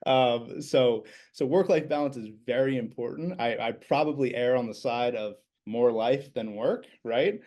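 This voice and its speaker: A man's voice: medium pitch, measured pace, hardly any pauses, a little mellow. A man, a business owner in his thirties, telling stories casually as a podcast guest, with many fillers and repeated words. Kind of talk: casual interview storytelling.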